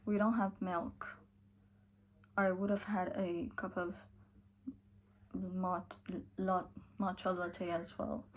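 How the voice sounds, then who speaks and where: A woman's voice: medium pitch, slight background noise. A tired young woman chatting casually in a book vlog, now and then dropping to a whisper. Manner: chatty, slow and drawn out, sometimes drops to a whisper. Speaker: book vlogger.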